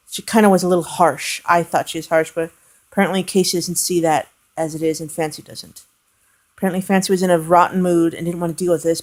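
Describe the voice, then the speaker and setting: A woman with a fairly low voice tells a personal family story to the camera. She talks earnestly and hesitantly, with fillers and restarts. Her tone grows quieter and emotional as she goes. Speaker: aunt telling a family story. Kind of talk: casual storytelling vlog.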